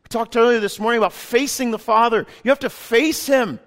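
High-voiced man preaching with fervor. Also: brisk. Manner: impassioned, swings from hushed to loud. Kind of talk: sermon.

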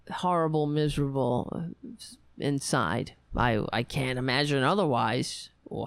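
A sarcastic commentator delivers a solo political rant in a smooth, clear voice. The pace is unhurried, and the speech is full of halting restarts. The sound is dry and close, with no room echo. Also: mid-range voice.

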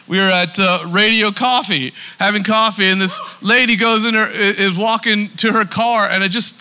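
A man's voice: high voice, pushed and bright. A man preaching a sermon as pastor, emphatic, often repeating words as he starts a sentence.

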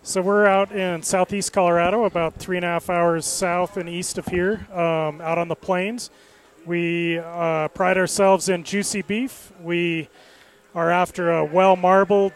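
A man who raises beef, a guest speaking earnestly about his product and tripping over repeated words. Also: sits high. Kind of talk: casual interview.

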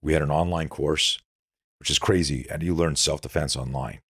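A man's voice: very deep voice, moderate pace, breathy edge, no echo, studio quality. A middle-aged man, a self-defense instructor, telling stories intensely as a guest in a casual podcast interview. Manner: intense, animated storyteller with frequent restarts.

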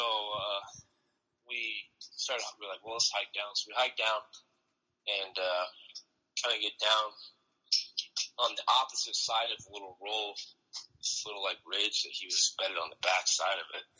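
A young man casually telling a hunting story in a lively, animated way, often quoting himself and his brother. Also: fairly low pitch, husky, muffled recording. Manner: animated, laughs while telling, quotes himself.

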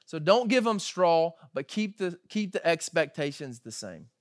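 A man in his thirties delivers a sermon with a notably high voice, conversational and animated, slipping into quoted voices as he retells the story. The sound is dry and close, with no room echo. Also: a little slow. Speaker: pastor.

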